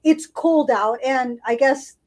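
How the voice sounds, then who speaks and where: A woman's voice: high-pitched, slow pace, low-quality recording. A woman co-hosting a podcast, chatting casually and savoring food as she tastes it aloud. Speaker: podcast co-host. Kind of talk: casual food-tasting chat.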